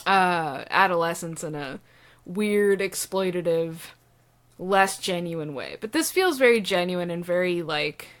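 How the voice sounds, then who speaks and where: Woman cohosting a movie podcast, lively, laughs a lot, lots of likes and ums. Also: mid-range voice, smooth. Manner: animated, laughing, many fillers. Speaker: podcast co-host. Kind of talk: casual film discussion.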